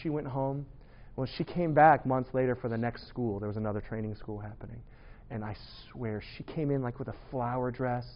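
A man preaching a humorous sermon, telling lively stories with playful asides and bursts of laughter. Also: medium pitch, fairly quick, highs cut off.

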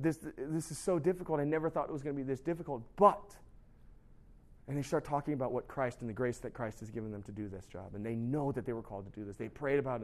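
A man giving an informal sermon, telling a story with lots of fillers and restarts, and acting out the people in it. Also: mid-range voice. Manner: acts out quoted people in the story. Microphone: recorded live, speaks to a sound tech.

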